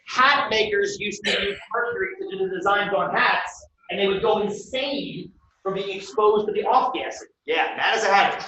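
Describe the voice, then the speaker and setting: A man teaching a college class, lively and quizzing his students with questions. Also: high-pitched, slight background noise. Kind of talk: classroom lecture. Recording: echoey room, distant dull mic.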